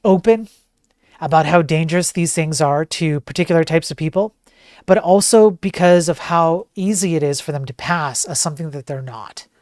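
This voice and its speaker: A man's voice: on the high side, normal speed, a little mellow, no room sound, studio quality. A man hosting a streamed commentary show, talking in a sarcastic, joking way. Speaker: host.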